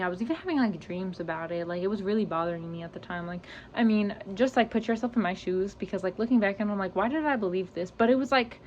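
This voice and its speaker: A woman's voice: mid-range voice, lo-fi sound, a little hiss or hum. A young woman telling a personal story to her channel, rambling and filling every gap with "like" and "you know", close to tears. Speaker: vlogger. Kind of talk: storytime vlog.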